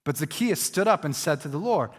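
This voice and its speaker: A man preaching a sermon as a pastor, animated and playful, acting out quotes and poking fun at himself. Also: on the high side, fairly quick, big-room sound.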